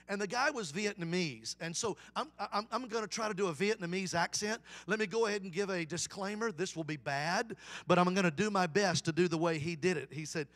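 A man's voice: high-pitched, brisk. A man preaching a sermon as a guest evangelist at a church service, calling out to the congregation for a response. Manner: animated call-and-response preaching.

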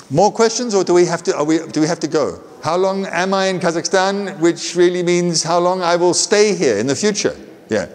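Lively southern English man lecturing. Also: high voice, long reverb tail. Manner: tags sentences with "yeah?", chatty. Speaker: guest lecturer. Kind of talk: lecture with audience questions.

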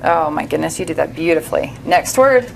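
A woman teaching a small group of children to read, praising and gently correcting them. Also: low voice, animated, a little fast, gravelly, a crowd in the background. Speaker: reading teacher. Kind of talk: small-group reading lesson. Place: classroom. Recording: noisy classroom recording. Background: children talking nearby.

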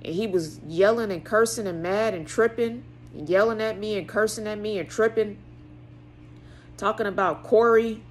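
A woman, giving an emphatic, preaching monologue that repeats phrases and swings between soft and loud. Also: mid-range voice, moderate pace, slight background noise. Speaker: vlogger.

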